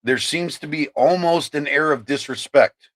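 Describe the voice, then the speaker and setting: A man's voice: fairly high pitch, moderate pace. A man in his fifties, from Ohio, ranting on a livestream and answering his chat, often repeating and restarting words. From Ohio, USA. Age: 50s. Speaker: livestream host.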